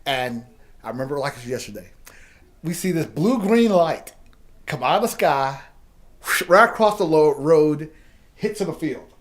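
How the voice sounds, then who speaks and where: A middle-aged man, telling drawn-out anecdotes with lots of fillers and frequent laughter in a casual podcast chat. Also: fairly high pitch, animated, a little mellow. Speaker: podcast co-host.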